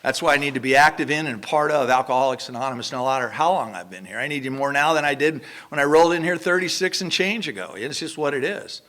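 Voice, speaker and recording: A man's voice: mid-range voice, fast talker, hardly any pauses, fairly bright tone. A man in his sixties from Southern California, speaking at a recovery meeting. He tells his personal story bluntly and earthily, with rambling "you know" asides. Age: 60s.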